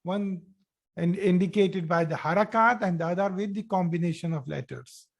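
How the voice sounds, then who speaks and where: A man's voice: high-pitched, normal speed, creaky. A man teaching a grammar class online, repeating each phrase and praising students' answers. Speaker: Arabic teacher.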